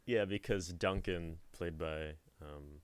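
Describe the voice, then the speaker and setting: A man co-hosting a podcast, chatting about movies in a relaxed way and trailing off with fillers. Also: sits low, slow pace, clear, resonant tone, no room sound. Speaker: podcast co-host. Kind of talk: casual movie chat.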